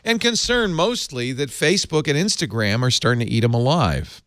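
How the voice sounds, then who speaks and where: A man hosting a casual tech panel show, joking and playful, quick to laugh. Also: medium pitch, very animated, fairly bright tone, no room sound, clean studio sound. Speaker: podcast host.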